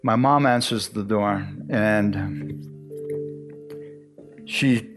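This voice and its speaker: A man's voice: on the low side, drawn-out words, over music. A man in his sixties from Arizona giving a folksy church testimony, chuckling often and restarting his words as he tells the story.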